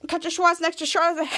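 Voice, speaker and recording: Give me a high-voiced woman host retelling a TV episode scene by scene, with stumbling restarts. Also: a bit bright. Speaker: podcast host. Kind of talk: episode recap narration.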